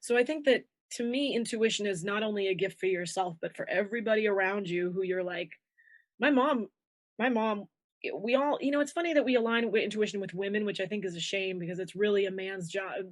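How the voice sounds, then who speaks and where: A woman intuition coach speaking in a conversational interview, animated and acting out inner voices as she explains. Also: a little fast, no room sound. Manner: animated, acts out inner voices with shifting pitch.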